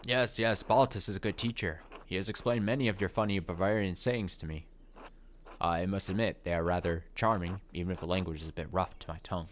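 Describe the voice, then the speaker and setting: A man voicing a polite male Italian merchant in a game, reading his lines in a measured way. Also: low voice, fairly even intonation, slight background noise, close to an everyday voice.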